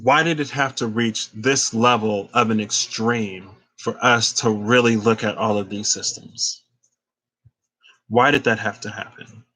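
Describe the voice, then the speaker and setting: Man, tarot reader, emphatic, slangy, conversational, bright forceful voice. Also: lowish voice, fairly even intonation, a little slow, poor audio. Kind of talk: spiritual tarot talk.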